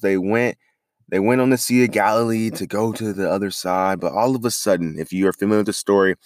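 A man hosting a podcast, talking through a Bible story in a relaxed, conversational way with frequent restarts. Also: deep voice, dry recording, studio quality. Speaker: podcast host. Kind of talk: casual faith podcast talk.

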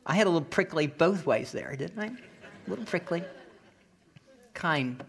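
A male pastor delivering a sermon, telling a personal story with animated acted-out voices. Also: a little high, normal speed, vocal fry. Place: Florida.

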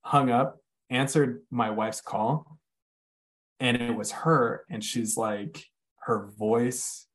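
A man's voice: mid-range voice, steady tone, takes it slowly. Candid man telling a hard story. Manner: candid, swears freely, many "like" fillers. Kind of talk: casual storytelling chat.

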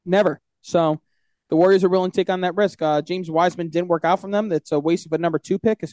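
A man's voice: high voice, steady tone, fast, darkish tone, no room sound. A man co-hosting a sports podcast in casual chat, teasing his co-host and laughing often.

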